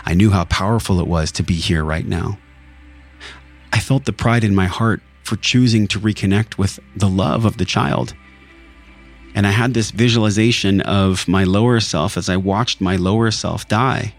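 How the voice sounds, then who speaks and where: Male podcast host, deep voice, reflective heartfelt storytelling over faint music. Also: moderate pace. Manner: earnest, emotional, reflective. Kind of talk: personal storytelling monologue.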